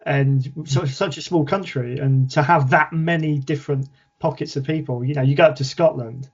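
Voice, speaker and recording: A man's voice: on the high side, fairly even intonation, moderate pace, slightly rough. Chatty British man, lo-fi sound. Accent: British English. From England. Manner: chatty, self-deprecating, trails off softly. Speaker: podcast guest. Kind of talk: casual interview chat.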